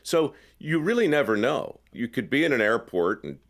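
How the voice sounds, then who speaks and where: A man's voice: medium pitch, sing-song, moderate pace, fairly bright tone. A man hosting a casual conversation, telling reflective stories with wry asides. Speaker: podcast host.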